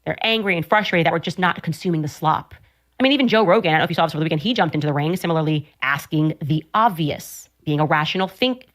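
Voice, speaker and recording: A woman hosting an opinionated commentary show, talking in a sarcastic, combative way. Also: low voice. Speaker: host.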